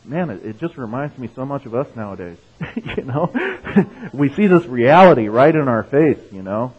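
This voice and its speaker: A male pastor preaching in an easy, conversational way. He reads scripture with lifted emphasis and keeps asking "right?" to draw in his listeners. The sound is narrow and phone-like, with a medium-pitched voice. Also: sing-song, moderate pace, husky. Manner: conversational, checks in with "right?" and "okay?"; reads scripture with rising emphasis, tells jokes. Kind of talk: sermon.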